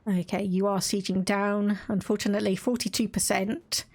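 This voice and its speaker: A woman's voice: medium pitch, level tone, moderate pace, a little mellow. A woman with an Estuary English accent from England, chatting casually and laughing as she streams a strategy game and reads game text aloud. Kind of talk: casual live-stream gameplay commentary.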